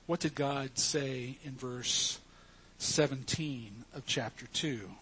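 A man's voice: medium pitch, slow pace, fairly bright tone, a little hiss or hum. A man preaching a sermon to his congregation, emphatic and earnest as he teaches from scripture. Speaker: pastor.

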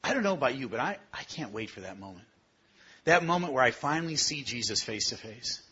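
A man's voice: mid-range voice, sing-song, fairly quick, pushed and bright, husky, dull audio. A middle-aged man preaching a sermon, telling stories in a conversational way and asking the listeners questions. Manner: storytelling, conversational with rhetorical questions.

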